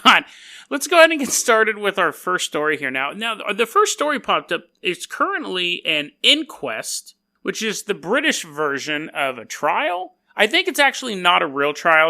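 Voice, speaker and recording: A male podcast host in casual storytelling mode, his voice pitched high and sharply bright. He wanders off on jokey, self-deprecating tangents before returning to the tale. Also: big pitch swings, moderate pace, creaky.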